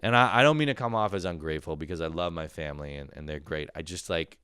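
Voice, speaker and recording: A young man rants through a casual comedic monologue, rambling, profane and exasperated. His voice sits low and comes across smooth and resonant. The sound is close and dry, with almost no room on it. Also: fast talker, a bit bright, no room sound. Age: young adult. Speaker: comedian podcast host.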